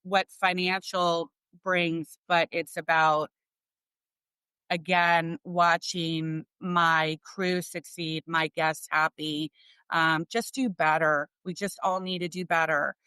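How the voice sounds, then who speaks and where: A woman's voice: lowish voice, level tone, slow, sharp tone, clear, resonant tone, no echo. A middle-aged woman restaurant owner, a guest on a podcast, talking in an earnest, emphatic way and repeating words for stress. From Florida. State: tearful, emotional. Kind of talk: heartfelt podcast interview.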